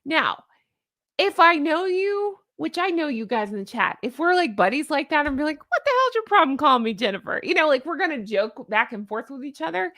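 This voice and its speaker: A woman with a somewhat high voice hosts a casual livestream. She talks in a chatty, opinionated way and reads viewer comments aloud as she goes. Her voice sounds dry and close, with no room echo. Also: expressive, moderate pace, fairly bright tone. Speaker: livestream host. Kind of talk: casual commentary to a live chat.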